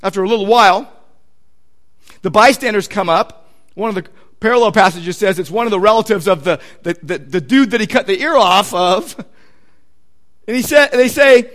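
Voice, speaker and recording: Animated high-voiced Southern California pastor. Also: male voice, moderate pace, pauses often. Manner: animated, acts out quotes with sudden loud outbursts; conversational, repeats words while searching for them. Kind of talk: sermon.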